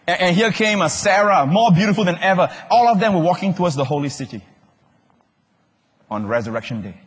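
A man preaching a sermon in a large hall, animated, questioning the congregation and shouting out key words. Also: sits high, brisk, slightly rough. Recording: long hall reverb.

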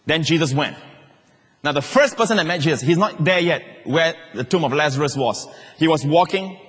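A man preaching a sermon as pastor, swinging from excited emphasis down to soft, low asides. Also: moderate pace, big-room sound.

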